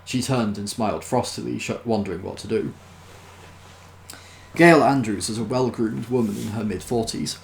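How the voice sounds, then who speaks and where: A man reading a novel aloud in an unhurried, dry manner, with small self-corrections. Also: fairly low pitch, vocal fry, a little hiss or hum. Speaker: storyteller.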